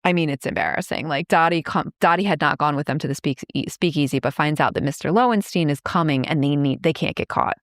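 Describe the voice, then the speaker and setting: A woman's voice: deep voice, quick pace, hardly any pauses, no room sound, studio quality. A woman in her fifties co-hosting a podcast, retelling movie scenes in casual chat with lots of "like" and laughs. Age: 50s. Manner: chatty, many likes, laughs while retelling scenes. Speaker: podcast co-host.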